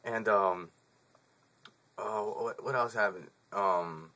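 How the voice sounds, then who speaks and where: A man's voice: fairly low pitch, takes it slowly, sharp tone. A man in his twenties casually telling a story to camera, in slangy, profane speech with frequent chuckles. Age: 20s.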